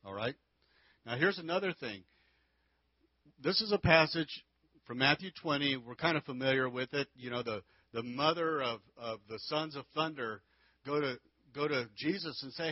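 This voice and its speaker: Speaking into a handheld microphone, a marriage teacher with a medium-pitched voice gives a folksy, conversational church lesson at a moderate pace. He restarts frequently, and the recording is muffled and free of echo.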